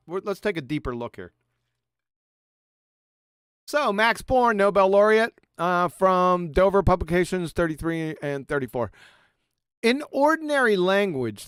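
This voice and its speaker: Guy with a high clean voice mocking some author, lots of cursing, dry close sound. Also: fairly bright tone, clean tone, dry recording. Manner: profane, mocking, combative; addresses an absent author sarcastically. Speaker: video presenter. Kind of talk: ranting presentation over slides.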